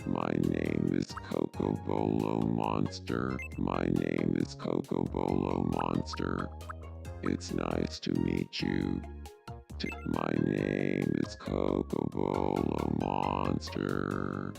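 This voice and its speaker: A game speech synthesizer voicing a tall, skinny, slow and very serious male wood monster with a synthetic voice that creaks like wood. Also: very deep voice, flat delivery, music in the background, full character voice. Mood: flat.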